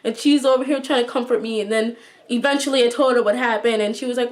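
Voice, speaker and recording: A woman's voice: on the high side, fairly even intonation, fast. A young woman vlogger chattily retelling a school story, acting out the quotes as she goes. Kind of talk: storytime vlog.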